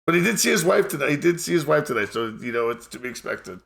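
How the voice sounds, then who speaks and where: A man's voice: a little high, sing-song, fast talker, vocal fry, a bit bright. A man narrating as game master, teasing the players. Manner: teasing, joking.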